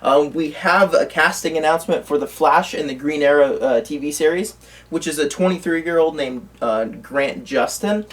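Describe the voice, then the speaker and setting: A man with a slightly high voice talks casually as co-host, with plenty of ums and false starts. He sits back from the microphone, so he sounds a little distant. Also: moderate pace, a bit bright. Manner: rambling, many fillers and restarts. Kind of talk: casual chat about movie news. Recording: voice from away from the mic.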